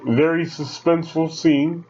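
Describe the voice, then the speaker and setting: A man giving casual commentary over a horror film, excitable and swearing as he talks back at the screen. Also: fairly high pitch, a little slow, breathy edge. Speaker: fan commentator. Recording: dull lo-fi sound with faint film music.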